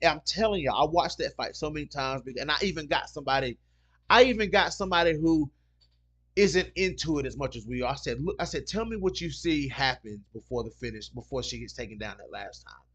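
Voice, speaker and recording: Man, host, casual chat, rambling, repeats himself, slightly high voice. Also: animated, a little fast, a bit bright. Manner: rambling, repeats "you know what I'm saying". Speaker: podcast host. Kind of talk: casual solo chat reading comments.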